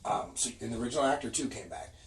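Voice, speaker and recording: On a casual podcast, a male co-host with a mid-range voice races through profane, animated stories and laughs often. The recording sounds like an echoey room captured from a distance, with faint background noise.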